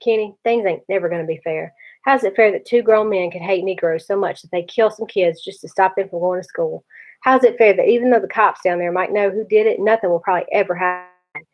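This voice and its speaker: A woman reading aloud, voicing a gruff older teenage brother who is blunt but protective. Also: medium pitch, fairly quick, natural voice. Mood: scolding. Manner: blunt, scolding. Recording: dull lo-fi recording.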